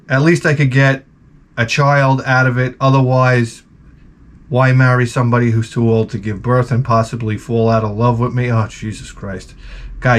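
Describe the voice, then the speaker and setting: A man giving blunt, profane advice in a rambling comedic rant, a little tipsy from beer. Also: mid-range voice. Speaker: advice vlogger answering viewer questions.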